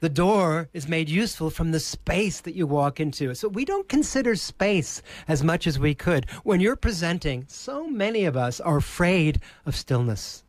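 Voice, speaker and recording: A man with an Australian accent, a presentation coach on a podcast, speaking slowly with theatrical emphasis. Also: on the high side, big pitch swings, no room sound. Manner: slow, theatrical, emphatic delivery. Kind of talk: podcast interview.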